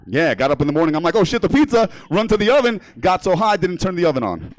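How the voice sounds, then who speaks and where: On a comedy theater stage, a New York stand-up comedian runs through his set, brash and profane and cracking himself up. His voice is high, very animated and brisk, with no echo.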